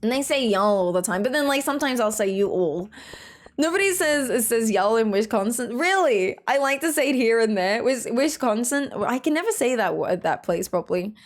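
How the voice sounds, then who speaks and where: A young woman from Australia streaming a game, chatting casually with her chat in a rambling way, with "like" in every sentence and quick laughs. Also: fairly high pitch, lively intonation. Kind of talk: casual chat reading out chat messages.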